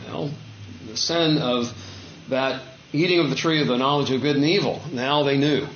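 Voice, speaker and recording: A man preaching a sermon in a relaxed, conversational way, acting out quoted dialogue with his voice rising. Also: on the high side, moderate pace. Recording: dull echoey room recording.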